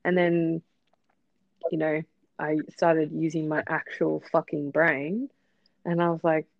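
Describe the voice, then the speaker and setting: A woman co-hosting a podcast, telling stories in an animated way and acting out both sides of conversations. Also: low-pitched, takes it slowly, gravelly, no echo, highs cut off. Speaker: podcast co-host. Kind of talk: casual chat.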